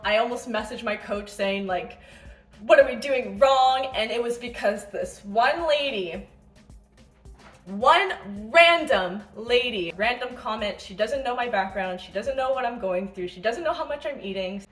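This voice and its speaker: A woman competing in bodybuilding, telling a story and giving diet tips in a chatty, animated way that swears freely. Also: fairly high pitch, normal speed, faint music behind. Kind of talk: casual storytelling vlog.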